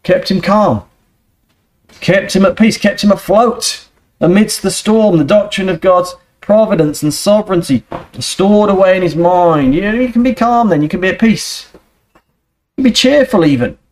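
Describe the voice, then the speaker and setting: Male preacher, earnest sermon delivery, fairly high voice. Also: moderate pace, darkish tone. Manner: earnest, rhetorical questions, building emphasis.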